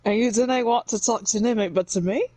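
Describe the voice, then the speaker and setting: A woman voicing a gruff middle-aged male prison governor with a put-on Scottish accent, reading game dialogue aloud slowly. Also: on the high side, mellow, slight background noise, close to an everyday voice, low-quality recording. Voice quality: slow, slurring delivery.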